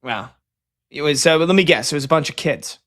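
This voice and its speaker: Guy cohosting sports radio, bright voice, rambly and jokey. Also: on the high side, animated, brisk. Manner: loose, rambling, joking. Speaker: radio show co-host. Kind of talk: casual sports radio banter.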